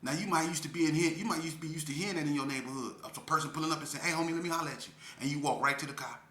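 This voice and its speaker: His voice is a little high and fairly bright, his intonation fairly even, and his delivery rapid-fire. A Las Vegas man with a street-speech accent, he speaks earnestly and emotionally to parents, repeating phrases as he recounts his story in an echoey room with faint ambience.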